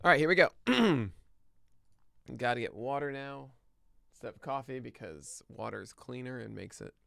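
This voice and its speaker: An American man hosts a morning podcast streamed live from his home studio, chatting casually with his audience before running through the day's news. He's chatty and self-deprecating and laughs at his own jokes. His mid-range voice is animated, gravelly, bright and forceful at a normal speed, in a dry recording.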